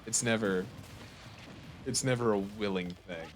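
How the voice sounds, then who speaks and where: A man's voice: on the low side, measured pace, soft background music. A man chatting casually and joking with a friend while they play a game. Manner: joking, loose, laughs often. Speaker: co-host. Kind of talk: casual chat while gaming.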